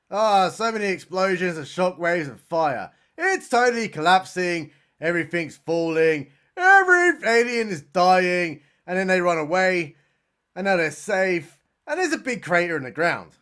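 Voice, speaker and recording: A man's voice: high-pitched, fairly bright tone. A man giving a sarcastic, comedic recap of a film, full of mocking exaggerated outbursts. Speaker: movie reviewer.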